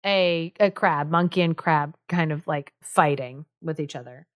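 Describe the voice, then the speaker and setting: Woman podcast host telling folk tales, giggly and chatty, smooth clear voice, dry sound. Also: deep voice, a little slow, dry recording. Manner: chatty, giggly, heavy on fillers. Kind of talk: casual storytelling chat.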